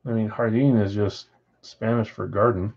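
A man's voice: lowish voice, little pitch movement, normal speed, vocal fry, darkish tone, muffled recording, a little hiss or hum. A man hosting a live card-break stream from home, chatting casually and reading viewer comments aloud. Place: house with a floor above.

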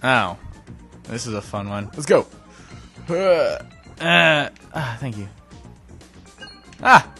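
A young man giving casual, self-deprecating gameplay commentary, breaking into sudden excited yelps. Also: mid-range voice, slow, vocal fry, long pauses, faint music behind. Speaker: let's play commentator.

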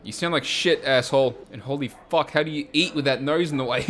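A man's voice: a little high, a little fast, slight background noise. A man giving profane, mocking let's-play commentary with lots of laughter. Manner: loud, crude, mocking, frequent laughter. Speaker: gaming YouTuber.

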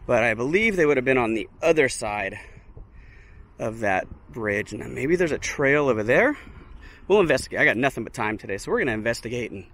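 A man filming a casual walking vlog outdoors, chatty and excited, talking straight to his viewers and a little out of breath in the heat. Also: mid-range voice, fairly quick. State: slightly out of breath. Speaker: vlogger visiting a film location. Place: outdoors by a steel bridge in hot dry hills.

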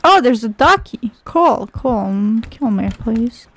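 A woman's voice: a little high, lively intonation, extremely slow, pauses often, a bit bright, slightly rough. Sarcastic young woman swearing at a game. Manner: sarcastic, swears a lot, talks to herself. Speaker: gaming video creator. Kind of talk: casual gameplay commentary.

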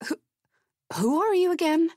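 A woman's voice: very high voice, lively intonation, measured pace, warm tone, no echo, clean studio sound, pitched above the performer's own voice. A woman voicing a nervous man, a television producer, who stammers when flustered.

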